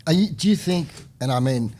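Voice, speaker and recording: Man hosting a relaxed podcast. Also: fairly high pitch, a little fast. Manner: conversational, interjects with short agreements. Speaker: podcast host. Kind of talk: casual podcast interview.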